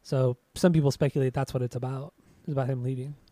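A man's voice: mid-range voice, steady tone, fast talker, mellow, dry recording. A man co-hosting a podcast, chatting casually and teasingly about music. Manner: laid-back, teasing, laughs often. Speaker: podcast co-host.

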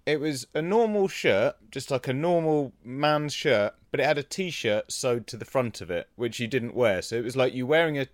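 A man's voice: medium pitch, expressive, normal speed, hardly any pauses, no echo, clean studio sound. A man co-hosting a casual chat, laughing a lot and musing in a rambling way. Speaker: podcast co-host.

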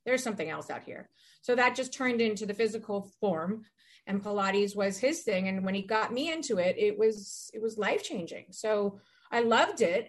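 A middle-aged woman talking casually as a guest, rambling and acting out what people said. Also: mid-range voice. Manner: rambling, acts out quoted dialogue. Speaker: guest, Pilates studio founder. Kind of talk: casual conversation.

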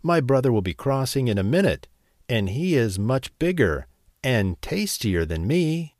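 A man's voice: mid-range voice, very animated, unhurried, darkish tone, no room sound, studio quality. A man voicing a small, frightened young billy goat pleading in a bedtime story.

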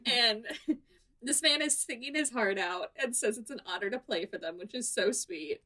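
A woman's voice: a little high, moderate pace. A woman co-hosting a podcast, chatting casually and laughing often as she retells the episode. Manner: giggly, animated storytelling. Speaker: podcast co-host. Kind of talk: casual recap chat.

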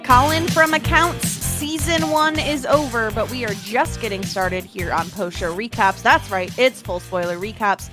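A woman hosting a podcast, opening the show and chatting in a casual, upbeat way that breaks easily into laughs. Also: medium pitch. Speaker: podcast host. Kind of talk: casual chat.

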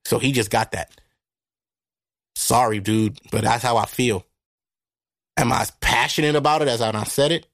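A man hosting a podcast, talking through a casual monologue into a microphone in a blunt, profane, animated way. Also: mid-range voice, moderate pace, pauses often, dry recording, studio quality. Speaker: podcast host. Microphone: studio microphone.

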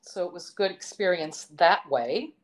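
A woman who teaches voice, chatting as an interview guest and telling stories with enthusiasm, often pausing on fillers. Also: fairly low pitch, lively intonation. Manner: enthusiastic storytelling, full of fillers. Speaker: vocal instructor, interview guest. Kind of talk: casual interview chat.

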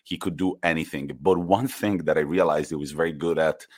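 Low-voiced male podcast co-host, casual football storyteller, eager and animated. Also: no echo, studio quality. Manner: storytelling, enthusiastic, quick bursts.

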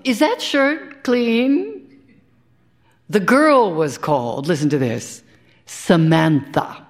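A woman actor with a lowish, gravelly voice gives a live stage reading of a first-person short story. Her delivery is wry and conversational, with dry asides.

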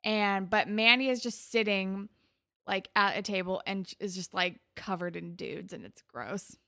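A woman's voice: mid-range voice, measured pace, sharp tone, no echo, clean studio sound. A young woman casually recapping a TV episode with a co-host, chatty and sarcastic, full of "like". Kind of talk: casual chat.

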